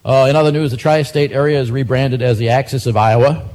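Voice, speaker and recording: A man's voice: medium pitch, steady tone, fast talker, darkish tone, slight background noise. A man doing a stand-up monologue of joke news headlines, dry and self-mocking between the punchlines. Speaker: comedian.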